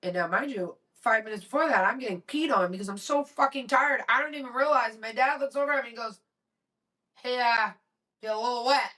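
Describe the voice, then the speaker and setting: A woman's voice: a little high, fast, hardly any pauses, bright, forceful tone. A woman in her forties, co-hosting a podcast, telling a story bluntly, swearing freely and acting out what people said. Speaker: podcast co-host. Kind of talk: casual storytelling chat. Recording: voice a bit distant from mic.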